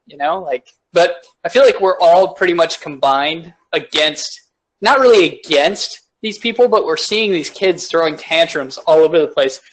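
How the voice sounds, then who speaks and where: A man co-hosting a podcast talks in loose, rambling chat. He swears freely and laughs often. His voice sits a little on the high side. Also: lively intonation, normal speed, poor audio. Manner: rambling, profane, laughs a lot. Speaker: podcast co-host. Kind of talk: casual chat.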